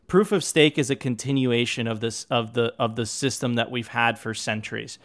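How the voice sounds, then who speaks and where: A mid-pitched man hosts a casual podcast with plenty of enthusiasm and swearing. He often trips over his words and repeats them as he talks. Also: steady tone, normal speed. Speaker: podcast host. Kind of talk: casual chat.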